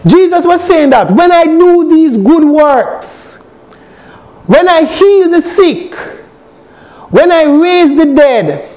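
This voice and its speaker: A man's voice: extremely high pitch, a little mellow, poor audio. A man with a Jamaican accent, an elder teaching a Bible study and driving his points home with emphatic repetition. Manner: emphatic, repeats phrases.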